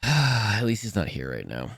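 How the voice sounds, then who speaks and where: A man's voice: on the low side, huge pitch swings, moderate pace, fairly bright tone, slightly rough, no echo, studio quality. A man chatting casually with viewers on a live stream, laughing often, his voice a little worn from talking.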